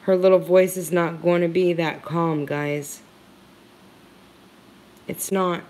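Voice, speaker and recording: A woman commentating on a livestream, her voice low and steady in pitch with little rise and fall. She speaks slowly and earnestly, leaning hard on her points. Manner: earnest, heartfelt, emphatic.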